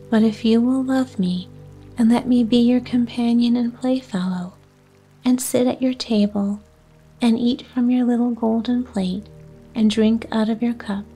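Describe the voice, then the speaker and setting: A woman's voice: fairly high pitch, dark tone, slightly rough. A coaxing frog whispering , as a woman puts him on. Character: male frog, coaxing and sly. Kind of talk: whispered role-play.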